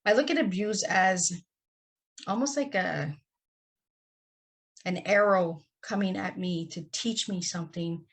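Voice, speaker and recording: A woman speaks as a podcast guest, recounting her life in an earnest, candid and heartfelt manner. Her voice sits low and has a husky, breathy grain. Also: measured pace, pauses often. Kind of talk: podcast interview storytelling.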